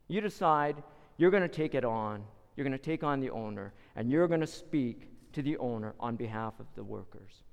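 A man's voice: mid-range voice, animated, moderate pace, vocal fry, clear, resonant tone, long reverb tail. A man preaching a sermon, retelling a parable with dramatic, acted-out voices. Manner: dramatic storytelling, acting out voices.

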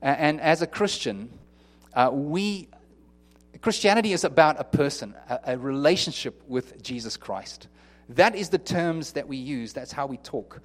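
A man's voice: on the high side, expressive, moderate pace. A man preaching a sermon in an earnest, conversational way, often restarting and acting out what people might say. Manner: earnest, conversational, with many restarts and acted-out quotes. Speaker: pastor.

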